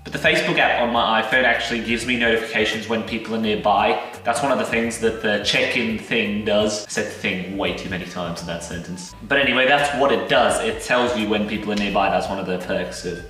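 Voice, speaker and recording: A young man rambling through a jokey, self-deprecating vlog in a bright, forward voice. He sits far from the mic in a very echoey room, with faint music under him. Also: on the low side, brisk, hardly any pauses. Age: young adult. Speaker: vlogger. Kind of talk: casual comedic vlog.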